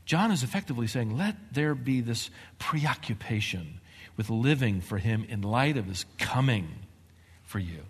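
A man preaching a sermon as pastor, moving between quiet, measured passages and excited, emphatic bursts. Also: mid-range voice, husky. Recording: long hall reverb.

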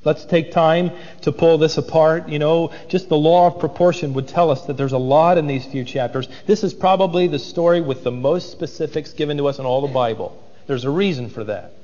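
A man's voice: on the high side, brisk, darkish tone, big-room sound, dull audio. A man preaching an expository sermon, dramatic and acting out the voices of biblical figures.

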